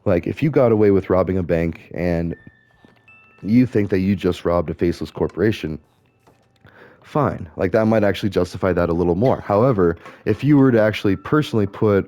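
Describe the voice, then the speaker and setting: A man's voice: sits low, a little fast, warm tone, no room sound. A middle-aged man talking in rambling, casual commentary as he plays a game, musing aloud and correcting himself as he goes. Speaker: gaming streamer.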